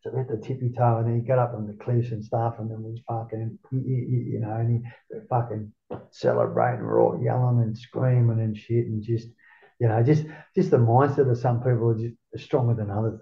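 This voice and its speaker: A middle-aged Australian man with a gravelly, creaky voice tells a long, swearing-laden story. He rambles and acts out quotes in a roomy space, and the recording sounds dull and lo-fi. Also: mid-range voice, fairly quick. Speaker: guest, former surfer. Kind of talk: casual storytelling.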